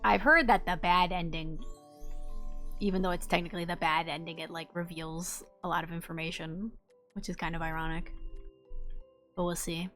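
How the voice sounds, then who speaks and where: A woman's voice: lowish voice, steady tone, moderate pace, long pauses, soft background music. Giggly, bubbly woman streamer. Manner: bubbly and giggly, greets chat warmly. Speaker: streamer playing a game. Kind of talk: casual livestream chat.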